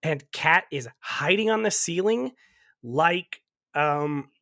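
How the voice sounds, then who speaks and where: A man's voice: fairly high pitch, animated, slow, creaky, sharp tone, no room sound, clean studio sound. A young man co-hosting a podcast, retelling movie scenes in casual chat, laughing often and swearing. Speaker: podcast co-host recapping a movie.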